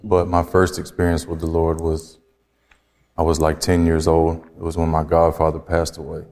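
A man from Georgia, slowly and reflectively telling his life story as an interview guest. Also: extremely low pitch, monotone, a little mellow, big-room sound. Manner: slow, reflective, halting. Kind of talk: personal testimony in conversation.

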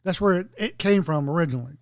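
A man's voice: fairly high pitch, animated, fast talker, no room sound, clean studio sound. A man chatting casually on a podcast, rambling and joking through digressions. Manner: rambling, jokey, digressive storytelling.

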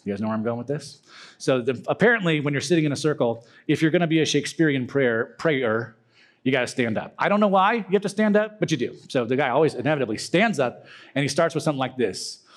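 A man's voice: mid-range voice, expressive, quick pace. A young man giving a casual, joking talk to a youth group, acting out silly prayer voices.

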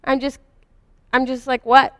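A woman's voice: sits high, lively intonation, normal speed, bright, forceful tone, no room sound, big-room sound. A woman earnestly telling a personal spiritual story in a confessional first-person way. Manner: earnest, confessional, vivid retelling. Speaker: speaker sharing a personal story.

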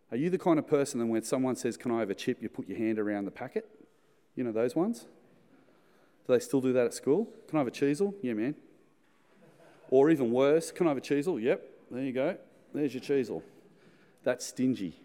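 Australian pastor, echoey church hall. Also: male voice, medium pitch, mellow. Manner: playful storytelling with acted snack-sharing voices. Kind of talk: sermon. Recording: long church-hall reverb.

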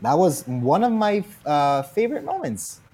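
Lively Italian-accented man telling a story. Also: a little high, moderate pace, husky. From Italy. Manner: animated, laughs often, acts out quotes. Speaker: guest actor. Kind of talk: casual interview storytelling.

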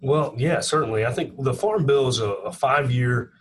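A man from Kentucky with a Kentucky twang, a podcast guest who explains things in a plainspoken, measured way. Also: mid-range voice, rough recording. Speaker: guest economist. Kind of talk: podcast interview.

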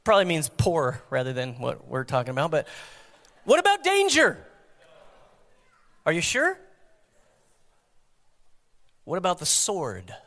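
A man preaching a sermon as pastor, swinging from loud emphatic calls to hushed near-whispers. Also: a little high, very animated, normal speed, pauses often, in a large hall.

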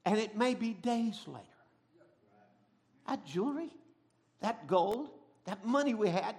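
A middle-aged man preaching a sermon, telling stories dramatically and swinging from a hush to a shout. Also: sits high, expressive, measured pace, pauses often. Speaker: pastor.

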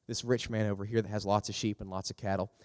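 Animated man preaching in a reverberant hall. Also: quick pace. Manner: animated, acts out characters with big pitch jumps. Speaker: youth pastor. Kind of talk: youth sermon.

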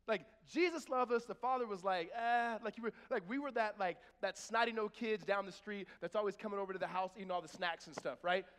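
A man's voice: high-pitched, fast talker, hardly any pauses, long reverb tail. A middle-aged man preaching a sermon in church, talking in a conversational way and acting out little scenes. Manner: conversational, animated storytelling with acted-out voices. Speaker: pastor.

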